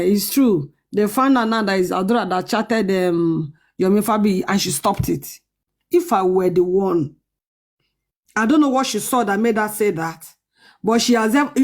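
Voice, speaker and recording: A woman's voice: mid-range voice, darkish tone. A woman with a Nigerian accent, an earnest caller pleading and repeating herself in a live chat.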